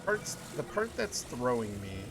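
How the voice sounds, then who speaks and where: A man's voice: mid-range voice, very animated, measured pace. A man streaming a game and chatting casually with viewers, telling rambling stories with many restarts. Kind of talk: casual live-stream chat while gaming. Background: game music.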